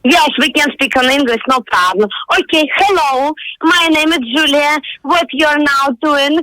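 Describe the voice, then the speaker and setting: A woman's voice: high voice, a little slow, bright, forceful tone, dry recording. A young woman in her twenties with a Russian accent and Russian as her first language, speaking blunt, irritated broken English on a phone call. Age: 20s. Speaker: prank call target.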